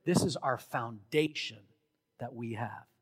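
A man preaching a sermon as pastor, emphatic and building to loud exhortation. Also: mid-range voice, measured pace, husky. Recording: long hall reverb.

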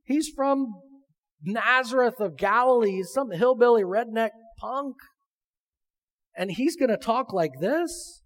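A man voicing a crowd of grumbling townsmen, mocking and incredulous, in a raised, high voice. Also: expressive, slow, fairly bright tone, in a large hall, full character voice. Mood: scornful.

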